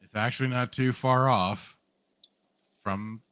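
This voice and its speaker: A man's voice: medium pitch, steady tone, slow pace, a bit bright, clean tone, no room sound. A man co-hosting a podcast, rambling through a casual review chat with lots of fillers, restarts and laughs. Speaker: podcast co-host.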